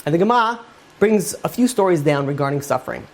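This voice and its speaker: A man's voice: fairly high pitch, big pitch swings, quick pace, gravelly. A man, a rabbi, giving an informal Torah class, retelling Talmud stories in a conversational way with many fillers.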